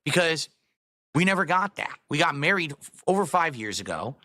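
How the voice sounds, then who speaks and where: Streamer clip, man, tense bright voice, dry sound, defensive rant. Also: a little high, sing-song, a little fast, dry recording. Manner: defensive, repetitive, irritated. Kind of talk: defensive ranting monologue.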